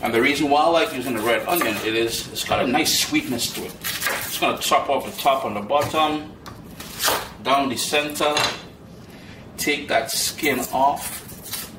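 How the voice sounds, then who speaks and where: A man's voice: mid-range voice, normal speed, echoey room, noisy background. A man hosting a home cooking demonstration, chatty and folksy, talking straight to his viewers. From Trinidad and Tobago. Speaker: cooking show host. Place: home kitchen.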